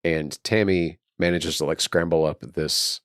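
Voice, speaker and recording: A man's voice: deep voice, fairly even intonation, a little slow, a bit bright, clean tone, no room sound, clean studio sound. A young adult man co-hosting a film podcast, retelling scenes in casual chat and jumping into raised voices for the characters. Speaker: podcast co-host.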